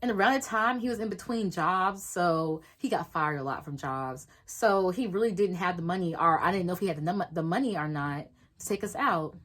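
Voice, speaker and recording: A young woman vlogger telling a storytime, swearing freely and acting out everyone's lines in lively voices. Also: lowish voice, a little fast, poor audio. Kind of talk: storytime vlog.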